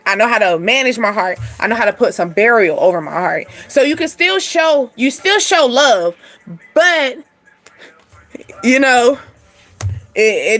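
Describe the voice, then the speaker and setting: A young woman with a high, bright-sounding voice talks through a spiritual card reading in a loose, chatty way. She laughs easily and drops slang as she goes, keeping it animated and personal. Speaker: spiritual reading channel host.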